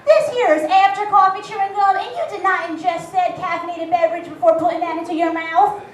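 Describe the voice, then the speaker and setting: A woman's voice: very high voice, fairly even intonation, brisk, echoey room, far from the mic, a little hiss or hum. A woman voicing a stern male police officer who talks in formal, stiff officialese. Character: stern male cop addressing a drunk woman.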